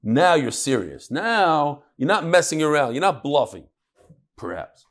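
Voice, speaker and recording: Animated man giving a lively Talmud lecture. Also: a little high, a little slow. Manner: animated, joking storyteller acting out quoted speakers. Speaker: Talmud teacher. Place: lecture room with live audience. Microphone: microphone.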